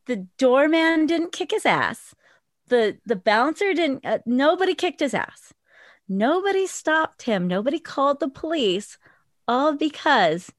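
Podcast guest: a woman with a high voice who tells animated stories and swears freely. Dry, close sound. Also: no echo. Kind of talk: casual podcast storytelling.

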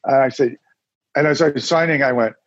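A man's voice: medium pitch, dry recording. An older man talks as a guest, telling stories with stops and restarts and poking fun at himself. His voice sits in a middle register. The sound is dull and lo-fi, with a dry, close feel. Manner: storytelling, self-mocking, halting restarts. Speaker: musician guest. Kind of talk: casual interview chat.

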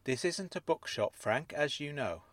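A man voicing a sharp-tongued middle-aged woman fraudster who speaks in a measured, wry way. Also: on the high side, expressive, no echo, pitched above the performer's own voice. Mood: guarded.

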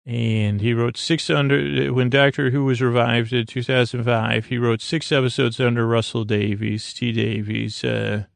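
A man hosting a bedtime podcast, recapping a story in a meandering, low-key way full of "uh" and "he goes". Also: vocal fry, smooth, no room sound. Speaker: podcast host. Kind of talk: rambling bedtime episode recap.

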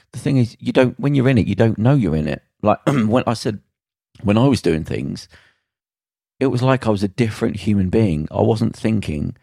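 Gravelly, blunt man. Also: fairly low pitch, expressive, moderate pace, warm tone, no room sound, studio quality. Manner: blunt, sweary, acts out quoted voices. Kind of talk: casual storytelling chat.

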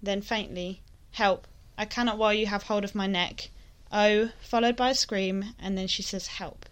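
A young woman co-hosting a true-crime podcast, chatting casually and reading passages aloud in a low, steady voice. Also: a little fast. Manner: reads passages in a low, steady voice with frequent "like" in chat. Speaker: podcast co-host.

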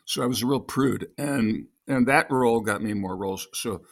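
A man's voice: medium pitch, normal speed, gravelly. An older man, a guest actor, telling long rambling stories in an interview and acting out quoted lines. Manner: storytelling, acts out quotes.

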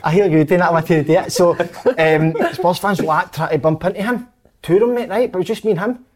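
A Scottish man co-hosting, telling stories in animated casual banter. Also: sits high, fast talker. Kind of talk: casual chat.

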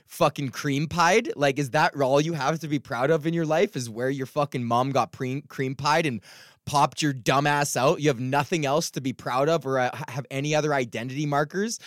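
A man's voice: a little high, fairly even intonation, normal speed, no room sound, clean studio sound. A man from Edmonton, Canada, hosting his podcast as a stand-up comic in a rambling, profane solo rant. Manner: profane, ranting, heavy swearing; rambling with restarts and fillers.

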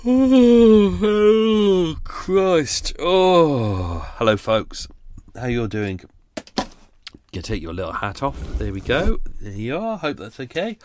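A man's voice: on the low side, dry recording. Chatty London man rambling. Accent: London English. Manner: chatty, sweary, self-mocking asides. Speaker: vlogger living on a boat. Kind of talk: casual rambling monologue. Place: on a narrowboat, making coffee.

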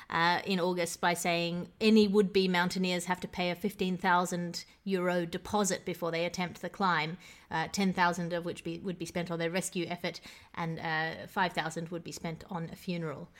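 A woman's voice: on the low side, steady tone, moderate pace. A woman hosting a comedy podcast, making wry asides between segments. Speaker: podcast host.

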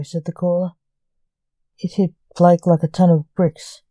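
A woman hosting a podcast, reading a story aloud in a calm, measured way. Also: lowish voice, no room sound. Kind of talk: scripted story narration.

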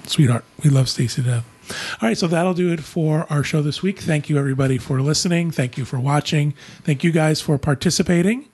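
A man hosting a casual travel podcast, friendly and relaxed as he wraps up the show. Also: on the high side, a little fast, hardly any pauses, slightly rough. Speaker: podcast host, travel agent.

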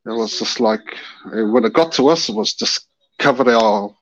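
A man's voice: medium pitch, normal speed, a bit bright. A man calling in and telling a story, animatedly acting out the voices in it. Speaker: caller. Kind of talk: casual storytelling. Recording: dull lo-fi call-in audio.

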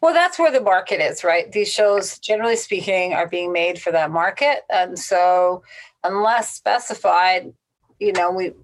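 A woman speaks as a casting director in a casual interview. Her manner is blunt and straight-shooting, and she gives direct advice without softening it. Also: fairly low pitch, expressive, measured pace.

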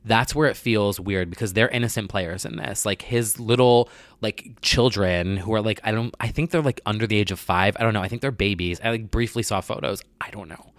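A man's voice: lowish voice, brisk, no echo, studio quality. A man ranting in a casual vlog about pop culture, sassy and exasperated, often swearing.

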